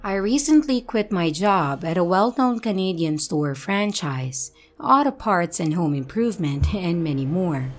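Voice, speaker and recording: A woman reading a viewer's true creepy story aloud, steady and dramatic. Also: lowish voice, unhurried, few pauses, soft background music. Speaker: narrator reading viewer stories. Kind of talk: scripted horror story narration.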